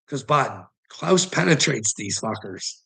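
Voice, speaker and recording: Gravelly profane Canadian man ranting. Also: mid-range voice, very animated, slow, pushed and bright, low-quality recording. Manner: rambling, profane, chuckling. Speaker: vlogger. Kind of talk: casual rant to viewers.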